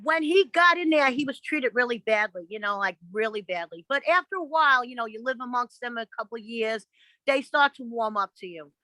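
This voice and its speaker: A woman gives a podcast interview, her high voice crisp and bright. She tells her stories bluntly and with plenty of swearing, slipping into the voices of the people she quotes. The recording is dry and close. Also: a little fast, no room sound, low-quality recording. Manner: blunt, profane and animated, acting out the voices of others in her stories. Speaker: interview guest. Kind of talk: casual interview storytelling.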